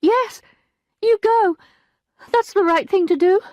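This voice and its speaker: Woman doing a young maid, high pitched, urgent, pleading, dry close sound. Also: slow, darkish tone, no room sound. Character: anxious young female servant, devoted.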